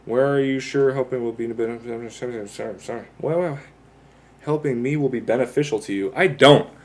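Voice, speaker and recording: A man's voice: mid-range voice, normal speed, darkish tone. A man chatting casually with his livestream viewers, rambling, self-mocking and swearing freely. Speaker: live streamer.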